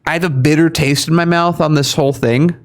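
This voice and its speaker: A young man holds forth on a news commentary show in a loose, argumentative style. He turns animated as he makes his points and mimics others in mocking voices. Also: a little high, brisk. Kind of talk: casual opinion commentary.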